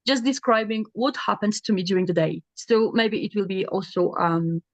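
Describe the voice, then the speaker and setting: A woman's voice: medium pitch, moderate pace, dry recording. A woman learner speaking English on a video call, hesitant and full of fillers and restarts.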